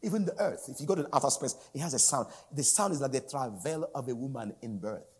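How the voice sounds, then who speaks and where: A man preaching a sermon as a guest speaker, swinging from loud, pleading outbursts down to hushed whispers. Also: mid-range voice, lively intonation, fast talker, slightly rough.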